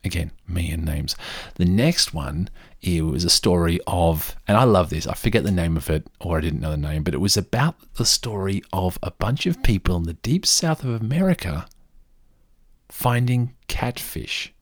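A man's voice: deep voice, animated, normal speed, creaky, husky, no room sound, clean studio sound. A man telling rambling, self-deprecating stories in a casual solo monologue.

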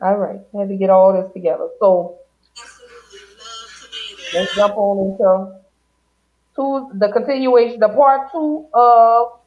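A woman from Louisiana hosting a podcast in casual chat, playful and warm-hearted, singing out her greetings. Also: medium pitch, fairly even intonation, measured pace, long pauses. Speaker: podcast host. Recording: dull lo-fi sound.

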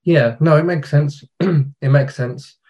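A man's voice: fairly high pitch, measured pace, highs cut off. Frank man telling anecdotes. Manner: anecdotal storytelling, frank, British slang. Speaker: podcast guest, digital marketer. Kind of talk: casual conversation.

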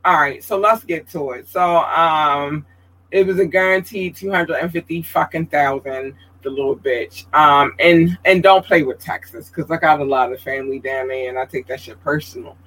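A man in a relaxed livestream podcast chats straight to his audience and reads out their comments as they come in. His voice is husky and sits fairly high, and it shoots up into excited peaks before settling back into easy talk. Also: normal speed, poor audio. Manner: expressive and chatty, voice jumping up high when excited. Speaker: podcast host. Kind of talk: casual livestream podcast chat.

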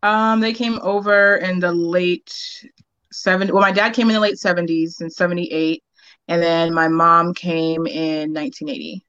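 A woman in her thirties from Boston, chatting as an interview guest. She tells her story candidly and laughs easily, in a somewhat low voice. The sound is dry and a little dull. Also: steady tone, moderate pace, a bit bright, dry recording. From Boston, United States. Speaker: real estate agent, guest. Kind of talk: casual interview chat.

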